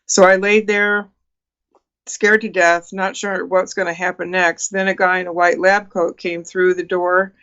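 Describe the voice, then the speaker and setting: A woman's voice: lowish voice, level tone, a little slow, fairly bright tone, clean tone, dull audio. A woman in her sixties, a guest on a talk show, earnestly recounting a personal experience with many fillers and restarts. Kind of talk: telling a personal story in an interview.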